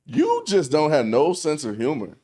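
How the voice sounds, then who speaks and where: A man's voice: fairly high pitch, wildly swooping pitch, moderate pace, dark tone. A man co-hosting a casual talk show, teasing and joking with frequent laughs. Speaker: co-host. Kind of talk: casual chat.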